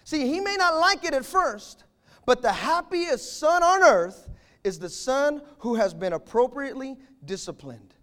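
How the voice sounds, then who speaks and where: A man preaching a sermon to fathers, emphatic, with sudden swings between loud declarations and quiet asides. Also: extremely high pitch, animated, a little slow.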